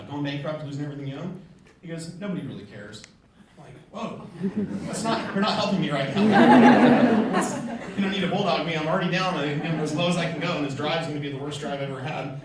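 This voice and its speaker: A middle-aged Californian gives a motivational speech to an audience in a large hall, telling stories and acting out the conversations in them. His voice is a little high. The mic is far off, the hall echoey, and the background noisy.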